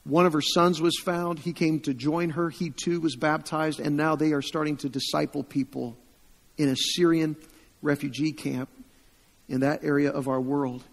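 A male preacher tells a story from the pulpit, slightly higher-pitched than most men. He acts out quoted voices, swells louder at the tense moments and sinks almost to a hush at the solemn ones. His voice rings with the long reverb of a large hall. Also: fairly even intonation, normal speed, creaky. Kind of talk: sermon storytelling.

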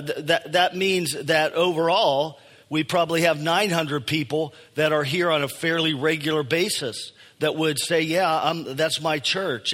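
A man's voice: fairly high pitch, a bit bright. A middle-aged man, the pastor of his church, preaching a sermon in a conversational way, with frequent fillers and restarts. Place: church sanctuary. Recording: long hall reverb in a church.

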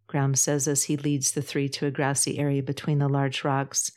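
A woman reading her own story aloud as podcast host, calm and measured. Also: extremely low pitch. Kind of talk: storybook narration.

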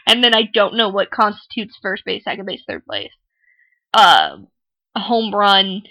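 A woman's voice: mid-range voice, very animated, a little slow, sharp tone. A young woman co-hosting a podcast in frank, jokey casual chat, laughing often. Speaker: podcast co-host. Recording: poor sound quality.

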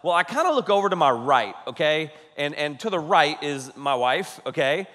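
A man in his thirties, a pastor telling a funny story in a sermon, animated, keeps checking in with "okay?" and laughs along. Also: on the high side, normal speed. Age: 30s. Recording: reverberant hall.

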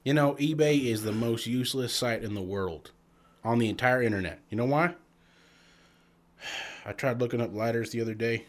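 A man co-hosting a podcast, delivering puns in a dry, deadpan way in casual chat. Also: medium pitch, normal speed, long pauses. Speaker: podcast co-host.

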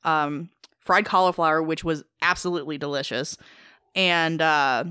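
A woman's voice: low voice, steady tone, normal speed, sharp tone, smooth, dry recording, clean studio sound. A woman guest on a podcast, chatting casually with lots of fillers and laughter. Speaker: guest on a food-tasting podcast. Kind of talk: casual chat.

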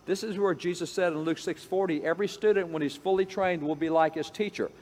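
A man's voice: sits high, steady tone, a little fast, a little mellow. A man giving an emphatic lecture-style talk, repeating phrases and acting out the voices he quotes. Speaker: speaker on education history. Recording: long hall reverb.

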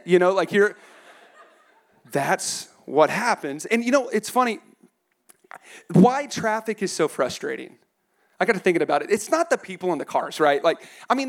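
A man in his thirties preaching a humorous sermon in church, laughing often and acting out quotes. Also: a little high. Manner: animated, laughing, acts out quotes. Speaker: pastor.

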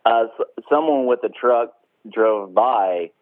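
A man's voice: mid-range voice, takes it slowly, no echo. Casual swearing man on a phone-like line. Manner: laid-back, swears often, laughs while telling stories. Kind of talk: casual chat.

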